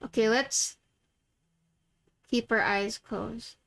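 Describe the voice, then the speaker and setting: A woman's voice: fairly high pitch, fairly even intonation, extremely slow, vocal fry, fairly bright tone. A woman from the Philippines streaming a game, bubbly, reading the story aloud and chatting in between. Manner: bubbly, gasping and giggling. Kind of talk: casual game stream with narration.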